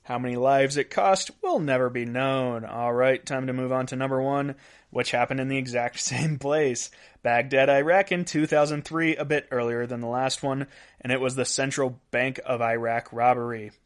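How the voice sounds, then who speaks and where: A man's voice: medium pitch, fairly even intonation, normal speed. A man hosting a solo weird-news podcast, counting down a list and laughing at his own asides. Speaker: podcast host.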